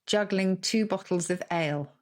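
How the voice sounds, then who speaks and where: A woman's voice: mid-range voice, normal speed. A woman co-hosting a podcast in casual chat, explaining word origins and laughing easily. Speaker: podcast co-host.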